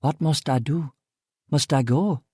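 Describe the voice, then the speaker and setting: A man's voice: fairly high pitch, unhurried, darkish tone, breathy edge, dry recording, studio quality, pitched above the performer's own voice. Man voicing a frightened young East African woman.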